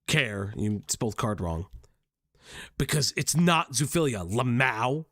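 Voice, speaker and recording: A man's voice: medium pitch, expressive, slow pace, a bit bright, no room sound, clean studio sound. A man reacting to a video on a commentary stream, exasperated, swearing and laughing often.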